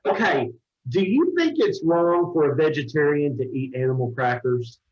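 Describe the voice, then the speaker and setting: A man with an Oklahoma accent interviewing a coworker with quick-fire questions, joking and laughing often. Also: on the high side, expressive. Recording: roomy, dull lo-fi sound.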